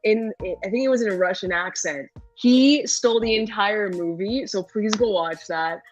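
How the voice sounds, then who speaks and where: A woman co-hosting a casual chat, emphatic and quick, with laughing asides. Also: mid-range voice, faint music behind. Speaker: co-host.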